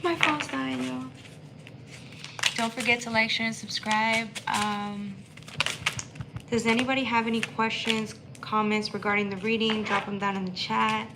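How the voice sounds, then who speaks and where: A woman's voice: on the high side, flat delivery, a little slow, heavy background noise. A woman giving a tarot reading on a live stream, talking in an emphatic, emotional way and swearing freely. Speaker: tarot reader.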